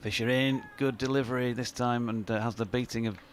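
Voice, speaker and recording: A man's voice: medium pitch, fairly even intonation, fairly quick, slight background noise. A man commentating live on cricket, chatty, reading listener emails aloud and laughing easily.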